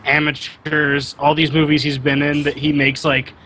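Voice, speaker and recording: A man's voice: on the high side, monotone, moderate pace, sharp tone, a little hiss or hum, poor audio. A man co-hosting a podcast in casual chat, blunt and dismissive. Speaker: podcast co-host.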